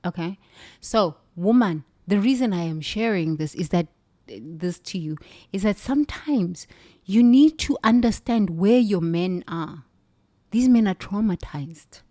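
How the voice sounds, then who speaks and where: A South African woman delivers a forceful, emphatic motivational monologue, repeating phrases for effect. Her mid-range voice is animated, mellow and a little slow, captured in a clean studio with no echo.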